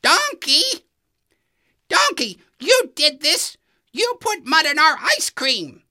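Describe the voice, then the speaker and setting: A man voicing an angry female goose who scolds her friend in a shrill, accusing voice. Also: wildly swooping pitch, slow pace, pushed and bright, full character voice. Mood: angry scolding.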